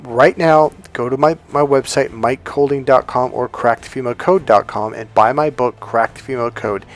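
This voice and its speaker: A man's voice: mid-range voice, moderate pace, faint music behind. A man coaching on life and dating, telling a personal story in a chatty, repetitive way. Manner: conversational, repeats "he goes" while retelling dialogue. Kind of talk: motivational storytelling monologue.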